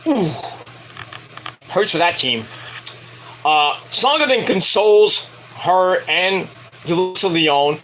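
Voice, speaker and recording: A man's voice: high voice, expressive, takes it slowly, pauses often, fairly bright tone, a little hiss or hum, low-quality recording. A man giving a casual, crude and opinionated wrestling review, swearing freely.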